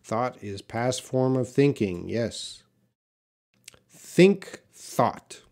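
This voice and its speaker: This is a man giving English lessons over a live stream, reading viewer questions from the chat and replying casually as he thinks out loud, filler words everywhere. He has a medium pitch and talks extremely slowly.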